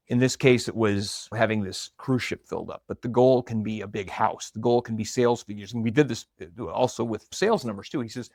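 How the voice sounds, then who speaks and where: A man's voice: on the low side, fairly quick, creaky, hardly any pauses, darkish tone, no room sound, clean studio sound. A man, probably middle-aged, telling a personal story in a conversational, reflective way. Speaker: marketing coordinator.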